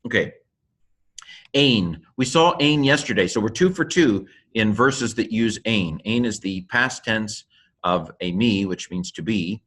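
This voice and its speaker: A man teaching New Testament Greek in a casual video lesson, naming the letters one at a time with fillers and quick asides to the viewer. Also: on the low side, a bit bright. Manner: spells out Greek letters one by one, with many fillers and self-corrections.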